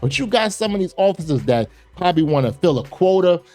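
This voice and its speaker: Male commentary host, lively swinging pitch, slangy and emphatic, casual reaction talk. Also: fast.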